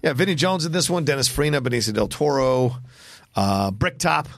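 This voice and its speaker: A man's voice: mid-range voice, fairly quick, no echo, studio quality. A man co-hosting a film podcast, chatting casually and swearing freely. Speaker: podcast co-host.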